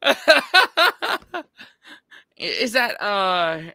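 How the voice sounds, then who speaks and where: Bright American man reacting casually. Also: sits high, sing-song, creaky, no room sound, clean studio sound. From United States. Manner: chatty, halting with restarts. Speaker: reaction channel host.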